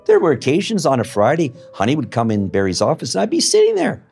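A man giving an emotional, halting account as an interviewee, swearing at times. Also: a little high, wildly swooping pitch, creaky, darkish tone, faint music behind. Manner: halting and emotional, with fillers and profanity. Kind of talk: emotional personal testimony.

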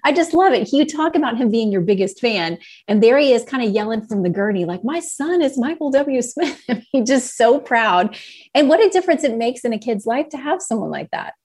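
A woman's voice: fairly high pitch, expressive, fairly quick, darkish tone. A woman interviewing an author, affirming him often and laughing easily as she recalls his stories. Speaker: interviewer and host. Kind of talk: conversational interview.

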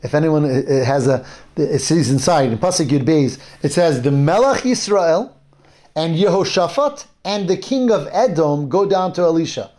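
A man's voice: a little high, animated, moderate pace, a little mellow. A man teaching a casual Torah class, retelling a Bible story in a conversational way, fillers and restarts. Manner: conversational with fillers and restarts, acts out quoted speech.

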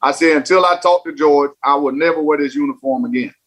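A man's voice: on the high side, quick pace, fairly bright tone, low-quality recording. A man and former baseball player, a podcast guest, telling stories emphatically and repeating phrases for effect. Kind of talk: casual podcast interview.

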